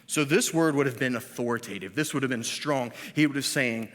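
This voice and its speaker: A man in his thirties preaches in a church sanctuary, his mid-pitched voice trailing off into a long reverb. He drops to hushed, slow phrases, then climbs to loud, emphatic commands. He slips in wry, self-mocking asides between points. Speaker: pastor. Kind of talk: sermon.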